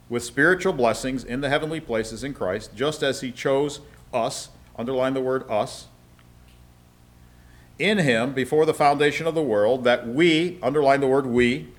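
A man giving a conversational Bible lesson. He reads scripture aloud with frequent asides, explains step by step and keeps checking in with his listeners. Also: mid-range voice. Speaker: Bible teacher.

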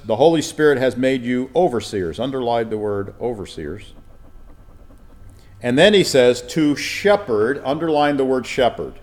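A man's voice: medium pitch, darkish tone. A man as a pastor giving a conversational verse-by-verse Bible teaching, often asking his listeners rhetorical questions.

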